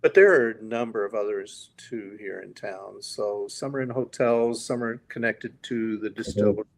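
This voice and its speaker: Man, low gravelly voice, podcast guest, easygoing explainer, casual talk. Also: normal speed. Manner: easygoing, explains at a relaxed pace with fillers. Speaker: guest, bourbon tour operator.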